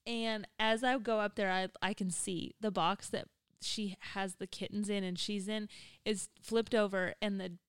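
A woman in casual chat who laughs often and tells stories in an animated, teasing way. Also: mid-range voice, moderate pace, clear, resonant tone, no echo, studio quality.

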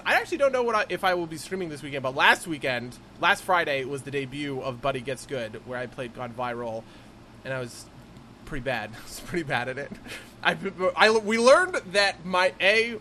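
Bright, lively podcast co-host man. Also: mid-range voice, slight background noise. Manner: animated, laughs often. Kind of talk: casual chat.

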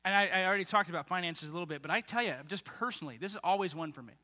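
A man preaching a sermon as a pastor, animated and acting out the voices of the people he quotes. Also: high-pitched, racing. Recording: long reverb of a large hall.

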